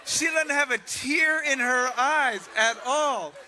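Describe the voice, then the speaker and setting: Man, pastor, sermon, high-pitched, animated storytelling, self-mocking humor. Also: slow pace, background noise.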